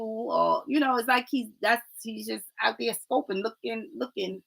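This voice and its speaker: A woman's voice: fairly high pitch, moderate pace, vocal fry, fairly bright tone, breathy edge, low-quality recording. A woman doing a casual livestream oracle card reading, chatty and rambling, who often adds "right?", calls viewers "family" and stumbles over names.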